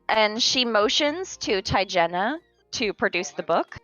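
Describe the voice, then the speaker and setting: A woman's voice: medium pitch, expressive, unhurried, a bit bright, no room sound, soft background music. A woman player describing her character's actions casually in a tabletop game. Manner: casual, laughs easily. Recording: slightly dull, dry sound.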